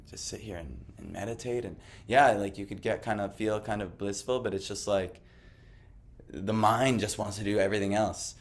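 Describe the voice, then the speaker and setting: A man giving a casual personal testimony talk, rambling with lots of fillers and a self-amused tone. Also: on the low side. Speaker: devotional speaker.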